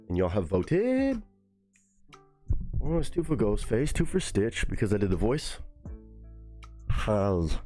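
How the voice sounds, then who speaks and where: A man's voice: lowish voice, big pitch swings, takes it slowly, long pauses, dark tone, slightly rough, faint music behind. A young man chatting casually on a live stream, loose and profane, musing aloud as he goes.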